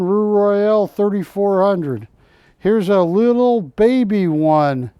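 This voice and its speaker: Unhurried high-voiced shopping-channel host. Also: male voice, mellow, clear, resonant tone, no room sound, clean studio sound. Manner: folksy, joking, bargain-pushing. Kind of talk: live shopping-channel sales pitch. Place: TV studio.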